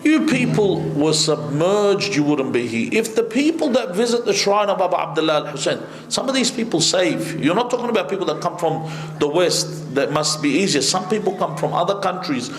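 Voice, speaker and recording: Male sheikh, fervent sermon delivery, high pitch, roomy hall sound. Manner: impassioned, rhetorical questions, rising to high emphatic peaks. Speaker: sheikh preaching at a majlis. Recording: echoey hall.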